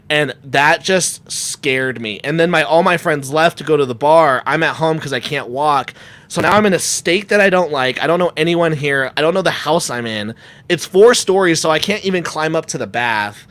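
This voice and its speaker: A man's voice: fairly high pitch, moderate pace. A young man, a podcast guest, telling a long story in casual chat and acting out the people in it. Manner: animated storyteller, acts out quotes with shouts and laughs. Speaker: podcast guest, comic creator.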